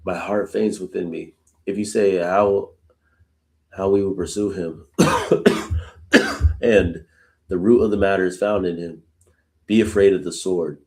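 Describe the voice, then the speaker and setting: Deep-voiced man reading scripture. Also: steady tone, unhurried, long pauses, dark tone. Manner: reads verses aloud, then reflects informally; uses casual "y'all" asides. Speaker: Bible study host. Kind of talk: live scripture reading with commentary.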